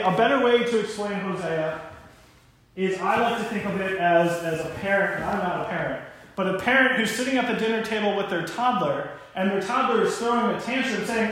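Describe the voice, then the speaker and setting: Young male pastor, high voice, big echoey sanctuary, animated storytelling sermon. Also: fairly quick. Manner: animated storytelling, voices God and a parent with raised pitch. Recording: very echoey church room.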